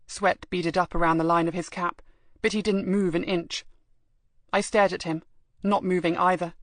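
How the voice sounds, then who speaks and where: Low-voiced woman narrating an audiobook. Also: steady tone, normal speed, no echo. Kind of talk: scripted first-person narration.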